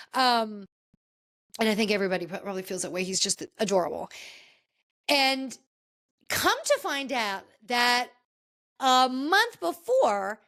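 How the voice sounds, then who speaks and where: A woman hosting a podcast, recapping a reality show in casual, gossipy chat with animated, jumpy delivery. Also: measured pace, pauses often. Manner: animated, gossipy retelling with sudden pitch jumps. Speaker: podcast host.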